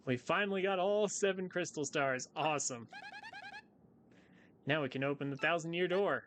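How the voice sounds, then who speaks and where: A man's voice: a little high, moderate pace, a bit bright, a little hiss or hum. Playful man commenting on gameplay. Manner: playful, joking asides. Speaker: let's play host. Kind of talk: casual gameplay commentary, reading dialogue aloud. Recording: game music playing behind.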